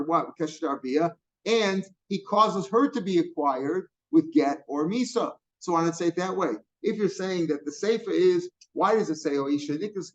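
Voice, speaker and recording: A man teaching a Talmud page line by line, explaining Hebrew and Aramaic terms with a lot of repetition and rephrasing. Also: fairly high pitch. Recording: dull lo-fi recording.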